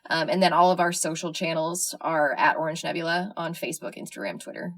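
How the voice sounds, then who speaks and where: A woman's voice: deep voice, fairly quick. A woman guest on a casual podcast, friendly and promotional, using a lot of fillers. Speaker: podcast guest, game designer.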